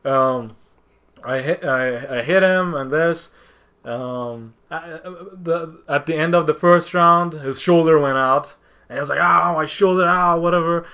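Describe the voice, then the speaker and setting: A man talking as a podcast guest, telling a story casually, halting and restarting often, and acting out what others said. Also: a little high, clean tone. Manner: halting, with many restarts and repeated words; animated, acts out what others said.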